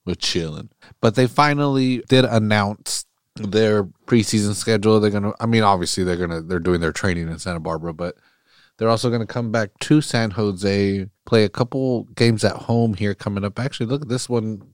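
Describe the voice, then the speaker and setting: A man's voice: lowish voice, brisk, clear, resonant tone, no room sound, studio quality. Laid-back profane male podcast host. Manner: laid-back, slangy, profane, laughs often. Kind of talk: casual solo sports podcast. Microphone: podcast mic.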